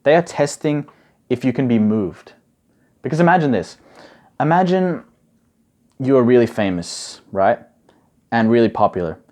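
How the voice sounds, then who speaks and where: A man's voice: medium pitch, normal speed, mellow. A young man giving casual advice as a coach, chatty and full of "like" and "bro". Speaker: study coach.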